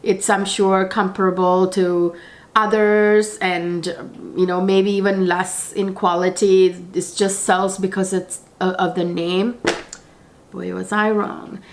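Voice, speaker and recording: A middle-aged woman talks in a slow, unhurried way, her voice husky and hoarse from a cold. She chats casually to her viewers as a beauty vlogger, rambling along with plenty of fillers. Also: medium pitch, flat delivery, a little hiss or hum. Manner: chatty and rambling, with frequent fillers. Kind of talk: casual chat to camera.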